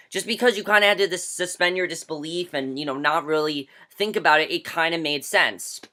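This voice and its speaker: A man's voice: high-pitched, sharp tone. A young man giving a casual, ranting movie review, emphatic and exasperated, with lots of "like" fillers. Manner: emphatic and exasperated, heavy use of "like".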